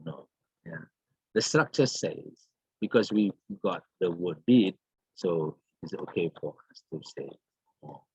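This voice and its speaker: A man teaching an English grammar lesson, slowly repeating words and examples with many fillers. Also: on the low side, darkish tone, slightly rough, no echo. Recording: dull, lo-fi.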